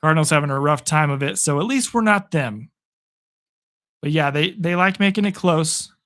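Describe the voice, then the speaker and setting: A young man from Arizona, hoarse after a long day, casually calling football play by play on a live stream and chatting with viewers, rising with excitement on big plays. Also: on the high side, moderate pace. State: hoarse, voice worn out.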